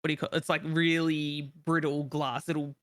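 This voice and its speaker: A man player describing his character's actions in a tabletop game, slow and hesitant. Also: fairly high pitch, flat delivery, no echo, clean studio sound. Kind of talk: casual tabletop game play.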